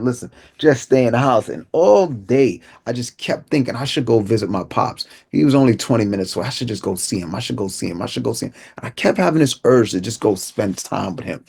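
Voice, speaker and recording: Middle-aged New man, gravelly voice, inspirational speaker giving personal testimony with repeated phrases. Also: on the low side. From Brooklyn, New York. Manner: vivid storytelling, repeats phrases, drops to a hush for tense moments.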